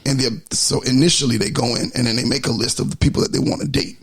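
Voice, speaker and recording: Laid-back man, podcast co-host, very husky raspy voice, fry in it. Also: medium pitch, steady tone, fast talker. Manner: laid-back, hesitant explainer. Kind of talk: casual chat.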